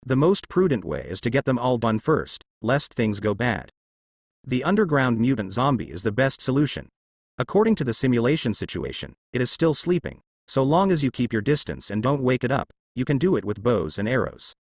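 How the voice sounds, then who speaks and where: A man's voice: medium pitch, very animated, a little fast, no room sound. Male narrator as a confident young fighter; offhand, cool, dry close mic. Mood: calm.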